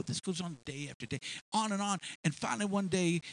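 A man preaching a sermon, retelling a story in an animated way with many restarts. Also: sits high, brisk, poor audio.

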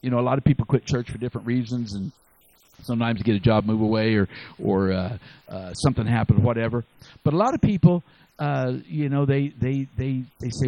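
A man preaching a sermon, swinging from loud bursts to quiet asides and stumbling over repeated words as he goes. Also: brisk, lo-fi sound. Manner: animated, swinging from shouts to low asides; repeats and restarts words, chuckles. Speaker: pastor.

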